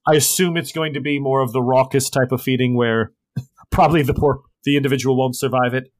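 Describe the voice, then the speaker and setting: A man's voice: medium pitch, steady tone, a little fast, no room sound. A man narrating a tabletop horror game as game master, rambling with many restarts.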